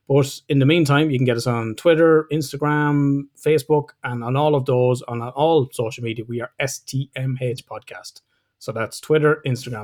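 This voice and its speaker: A man hosting a casual podcast, talking bluntly, swearing freely and laughing often. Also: medium pitch. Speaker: podcast host.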